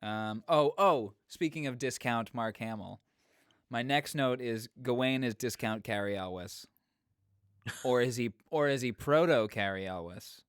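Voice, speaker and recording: A man's voice: mid-range voice, clean tone, no room sound, studio quality. A man co-hosting a podcast, chatting casually and jokingly about a movie he just watched. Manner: jokey, riffing, quick asides. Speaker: podcast co-host. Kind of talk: casual movie review chat.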